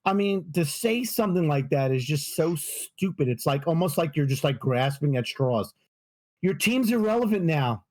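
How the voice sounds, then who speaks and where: A man's voice: a little high, moderate pace. A man co-hosting a casual sports podcast, ranting with lots of swearing. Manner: profane, ranting, animated. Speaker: podcast co-host.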